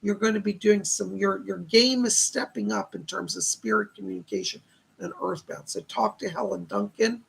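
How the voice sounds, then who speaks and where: A man's voice: high-pitched, moderate pace, vocal fry, a bit bright, slightly rough. A man hosting a live stream of psychic readings, chatty and upbeat, reading viewer comments aloud and thanking donors.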